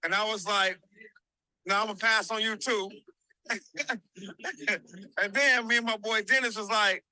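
A man's voice: high voice, unhurried, no room sound, low-quality recording. A man co-hosting a podcast, telling stories in casual chat, laughing and acting out what people said. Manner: animated, laughing, acts out quotes. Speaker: podcast co-host. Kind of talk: casual storytelling.

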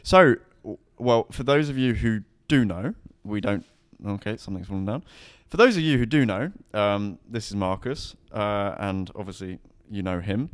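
A man's voice: lowish voice, animated, normal speed, few pauses, smooth, dry recording. A young man and racing driver co-hosting a podcast, chatting casually with dry, self-mocking humour. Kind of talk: casual chat.

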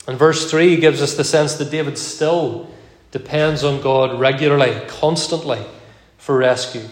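A man preaching an evening sermon in a measured, earnest way, slowing down to read verses aloud, with an occasional cough. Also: mid-range voice, fairly even intonation, echoey room. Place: church.

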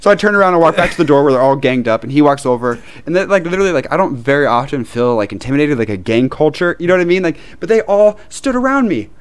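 Fast-talking ranting man. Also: a little high, clear, resonant tone. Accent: Midwestern American. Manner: animated, profane ranting with frequent laughs. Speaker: podcast co-host. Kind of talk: casual storytelling chat.

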